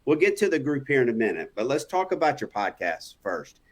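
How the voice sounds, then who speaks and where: An easygoing man hosts a casual interview, backing up his guest and filling pauses with "uh" and "yeah". His voice sits at a middle pitch for a man. He talks in a relaxed, conversational way. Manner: easygoing, affirming, frequent "yeah" and "uh". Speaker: podcast host.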